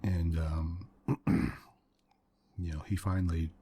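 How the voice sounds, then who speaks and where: A man hosting a soft-spoken ASMR gaming video, rambling through a story in a quiet, meandering way with little chuckles. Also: deep voice, level tone, takes it slowly, slight background noise. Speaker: ASMR gaming channel host. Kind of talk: soft-spoken ASMR let's play chat.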